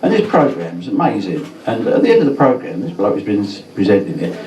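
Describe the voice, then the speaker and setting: A man's voice: fairly low pitch, huge pitch swings, fast talker, slight background noise. A man performing a stand-up comedy set in a pub, swearing often and stumbling over his words. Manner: swears a lot, stammers and restarts. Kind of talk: stand-up routine. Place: pub function room with a live audience. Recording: roomy live pub set mic'd from a distance, loud crowd laughter.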